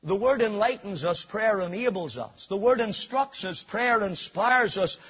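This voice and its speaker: A man preaching a sermon, emphatic, swinging from near shouts to a low, quiet delivery. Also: animated, measured pace, hardly any pauses, husky. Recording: dull lo-fi recording.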